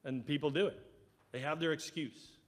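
A man preaching a sermon in church, animated, acting out quoted voices and swinging between loud and soft. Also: fairly high pitch, moderate pace. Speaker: pastor. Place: church sanctuary.

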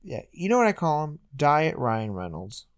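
A man's voice: on the high side, normal speed, smooth. A man hosting a podcast, chatting casually and joking around with puns. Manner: joking, punning, animated storyteller. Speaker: podcast host. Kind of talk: casual chat.

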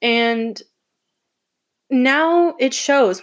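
A woman's voice: medium pitch, a little slow, pauses often. Emotional young woman rambling on a podcast. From Atlanta, Georgia. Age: young adult. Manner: emotional, rambling, with many restarts and laughs. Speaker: student podcast host. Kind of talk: casual solo podcast monologue.

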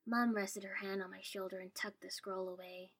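Husky woman reading a story. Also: mid-range voice, flat delivery, normal speed, a bit bright. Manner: dry, wry. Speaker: story reader. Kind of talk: first-person story narration.

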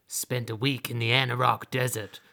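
A woman voicing a boastful but timid adventurer, speaking in a slow, lowered, self-important drawl. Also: level tone, bright, forceful tone, heavily acted. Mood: smug.

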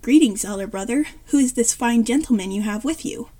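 A woman's voice: fairly high pitch, lively intonation, brisk, mellow. A woman voicing a four-year-old genius girl who talks in stiff, formal phrases.

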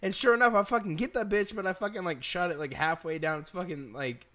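Young male podcast co-host, bright, slightly high voice, profane, rambling, quick to laugh. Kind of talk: casual chat.

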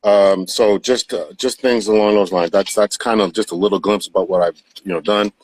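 A man in his fifties, a retired police captain, talks about himself as a podcast guest. He speaks in a measured way, with lots of "uh" pauses, in a somewhat low voice. The sound is dry and close. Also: fairly even intonation, dry recording. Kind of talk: live podcast interview.

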